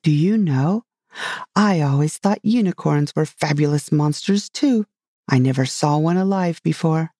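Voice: mid-range voice, unhurried, dark tone, no echo. A narrator voicing a polite, curious little girl in a storybook reading, speaking earnestly. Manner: obedient, earnest.

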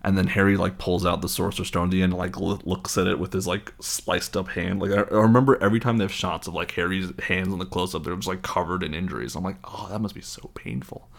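Man, low voice, gravelly fry, rambling casual retelling. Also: fairly even intonation, quick pace, few pauses. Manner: rambling and incredulous, full of fillers. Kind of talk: casual retelling of a film scene.

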